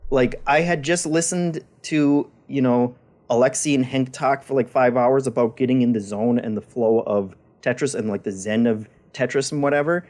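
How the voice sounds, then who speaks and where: A man's voice: mid-range voice, moderate pace, darkish tone. A man co-hosting a games podcast, talking casually and often repeating words as he thinks. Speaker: podcast co-host. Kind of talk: casual chat.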